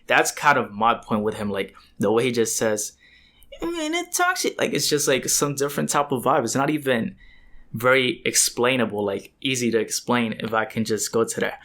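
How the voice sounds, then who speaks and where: A man's voice: mid-range voice, moderate pace, a bit bright. A young man talks loosely through a music reaction video as its host, with lots of filler words and slang. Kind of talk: casual music reaction commentary.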